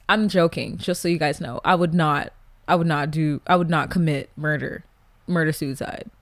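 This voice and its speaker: A woman hosting a casual podcast, blunt and profane, getting animated with loud laughing outbursts. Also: lowish voice, a little fast. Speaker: podcast host. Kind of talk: casual podcast chat, reading listener stories.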